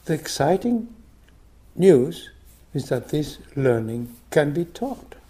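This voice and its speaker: An older meditation teacher gives a dharma talk in a mellow, fairly high voice. His pitch rises and falls a lot as he reads. He speaks slowly, and many phrases fade to a soft whisper. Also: very animated. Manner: soft, unhurried, phrase ends dropping to a whisper. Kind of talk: dharma talk, reading a story aloud.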